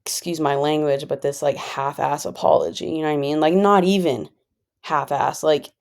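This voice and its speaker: Low-voiced woman, rambling chat. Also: fairly even intonation, moderate pace, vocal fry, darkish tone. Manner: rambling, filler-heavy, conversational; calls herself a pretty chill person. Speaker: vlogger. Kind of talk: casual personal monologue.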